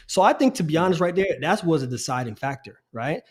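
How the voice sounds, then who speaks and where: A middle-aged man co-hosting a casual sports podcast, animated and repeating his phrases as he talks. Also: a little high, fairly quick, hardly any pauses. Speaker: podcast co-host.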